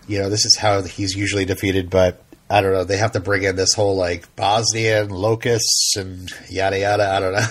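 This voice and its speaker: A man's voice: sits low, level tone, normal speed, hardly any pauses. A man co-hosting a casual chat, rambling with frequent ums and light laughs. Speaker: podcast co-host.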